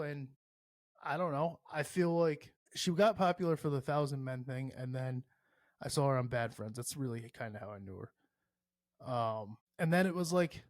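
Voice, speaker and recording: A man's voice: on the high side, no room sound, clean studio sound. A man hosting a podcast alone, rambling casually and cursing often, comparing everything to sports. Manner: profane, rambling, animated with sports analogies. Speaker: podcast host. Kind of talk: casual solo podcast rant.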